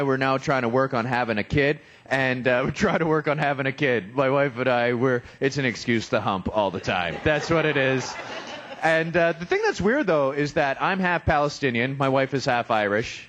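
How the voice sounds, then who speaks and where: A man's voice: mid-range voice, a bit bright, muffled recording, slight background noise. A young man doing a self-deprecating stand-up comedy set in a restaurant, acting out voices as he goes. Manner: self-deprecating, joking, acts out quoted voices. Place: restaurant stage, live.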